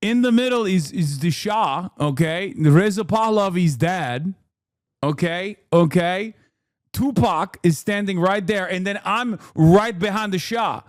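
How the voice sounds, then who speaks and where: A male streamer reacting casually, full of crude, sarcastic asides. His voice sits high, and he speaks slowly. The sound is close and dry. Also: no room sound.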